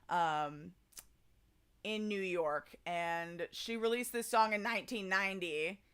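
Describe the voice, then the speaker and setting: This young adult streamer runs a karaoke stream and chats casually with her audience, with plenty of fillers and restarts in her rambling. Her medium-pitched voice is clear and resonant, with a fairly bright tone.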